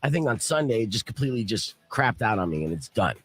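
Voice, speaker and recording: A man's voice: fairly low pitch, fast, husky. A man hosting a casual morning radio show, telling a story and acting out the people in it. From Arizona. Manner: animated storyteller, acts out quotes loudly. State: sick with a cold.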